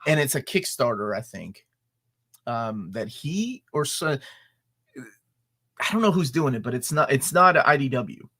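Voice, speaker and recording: Man, forties, comics show co-host, bright tone, casual and enthusiastic. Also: medium pitch, measured pace, long pauses. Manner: relaxed, enthusiastic, reads sponsor spots. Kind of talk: casual live-stream chat.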